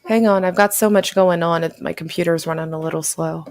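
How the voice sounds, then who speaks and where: A woman's voice: fairly low pitch, steady tone, fairly quick. A woman hosting a livestream in a casual, chatty way and thanking her viewers. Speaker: livestream host.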